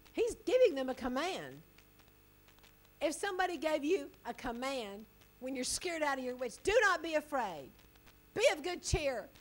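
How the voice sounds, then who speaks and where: Lady preaching, high voice that jumps all over, keeps laughing. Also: poor audio. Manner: laughs often, animated and chatty. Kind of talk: sermon.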